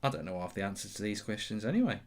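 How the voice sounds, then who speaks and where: This football watchalong streamer has a voice on the low side, sing-song and racing. He rambles sarcastically in casual live-stream chat, swearing in bursts and singing along.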